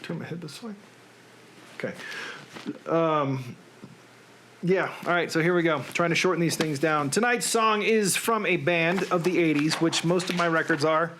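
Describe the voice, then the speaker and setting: A man in his thirties hosts a loose, self-deprecating chat from his home. His voice sits a little high for a man. A faint hum of room ambience runs under his voice. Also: normal speed, long pauses, fairly bright tone. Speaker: host. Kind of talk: casual chat.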